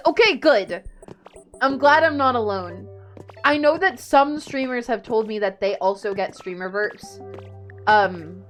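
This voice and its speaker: A young woman talks through a game stream in a fairly high, lively voice. She is chatty and excitable, reacting to everything on screen as game music plays faintly behind her. Her mic sits close at her desk. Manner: excitable, chatty, gasps and laughs often. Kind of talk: casual live-stream chat while gaming.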